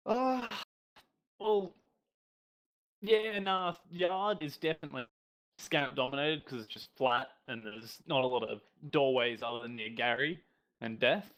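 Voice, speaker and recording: A man's voice: mid-range voice, a little slow, fairly bright tone, poor audio. A man giving casual, chatty analysis as colour commentator on a live esports broadcast.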